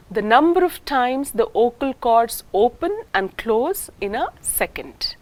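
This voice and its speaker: An Indian English woman gives a recorded lecture, unhurried and deliberate. Her voice sits a bit high. It swoops up and down as she teaches. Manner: slow, deliberate, explaining with spoken examples.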